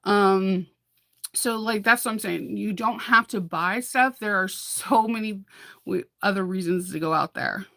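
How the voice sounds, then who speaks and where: A woman's voice: medium pitch, unhurried, creaky, bright, forceful tone. A middle-aged woman hosting a casual sewing live chat, rambling, laughing often and breaking off mid-sentence. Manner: chatty, rambling, laughs often, self-interrupting. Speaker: host of a sewing live show.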